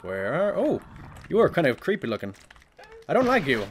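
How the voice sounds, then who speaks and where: A man's voice: a little high, wildly swooping pitch, normal speed, slight background noise. A man giving jokey, sarcastic commentary while playing a horror game at home on a desk mic, talking back to the game. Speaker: let's play gamer.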